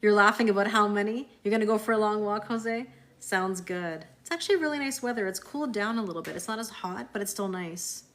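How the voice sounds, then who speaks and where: A woman's voice: mid-range voice, fairly quick, hardly any pauses, fairly bright tone. A woman hosting a tarot live stream, chatting casually with viewers, answering their comments and laughing often. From Canada.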